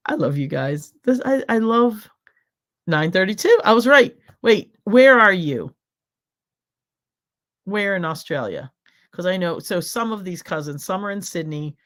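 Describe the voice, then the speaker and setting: A woman hosting a casual home livestream, chatting and rambling directly to her viewers. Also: on the low side. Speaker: cooking show host. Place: home, by a back window.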